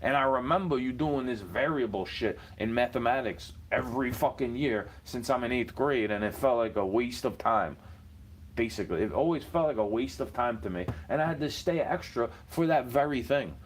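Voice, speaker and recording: A man's voice: mid-range voice, expressive, normal speed, slight background noise. Rambling profane man with street slang. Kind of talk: casual monologue.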